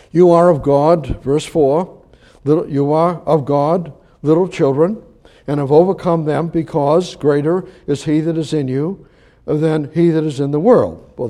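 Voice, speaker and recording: An older man preaching a conversational sermon, swinging between emphatic rises and quiet, low asides. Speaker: pastor.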